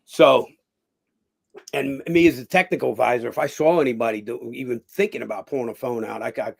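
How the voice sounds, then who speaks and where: A middle-aged man, a former boxer telling stories as a guest in a casual interview. He is an animated raconteur who acts out other people's lines. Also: mid-range voice, fairly quick, creaky, slightly rough.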